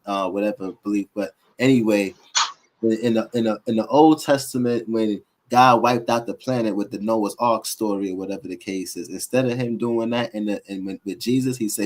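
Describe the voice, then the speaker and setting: Sleepy-sounding man rambling low. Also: steady tone, brisk. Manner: rambling, drowsy low-key delivery with many fillers. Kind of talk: casual chat.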